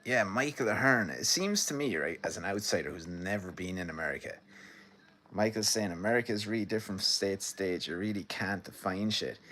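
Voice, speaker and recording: Irish male streamer, low voice, loose sweary chat with viewers, rambling. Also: a bit bright. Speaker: livestream host. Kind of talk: casual chat reading viewer comments.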